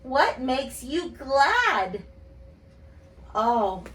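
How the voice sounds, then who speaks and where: A woman speech teacher reading and talking gently to young children in an online lesson. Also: mid-range voice. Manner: gentle, slow, sing-song storytelling to kids. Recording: echoey room, voice a bit far from mic.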